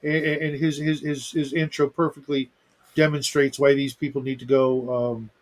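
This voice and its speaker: A man's voice: medium pitch, little pitch movement, normal speed. A man in casual podcast chat who stammers and repeats words while making his point. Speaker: podcast co-host.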